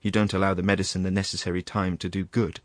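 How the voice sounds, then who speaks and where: A man's voice: low voice, level tone, fast talker, dry recording. A man reading the part of a rambling, embarrassed country doctor, hesitant and full of asides. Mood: rueful. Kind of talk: audiobook reading.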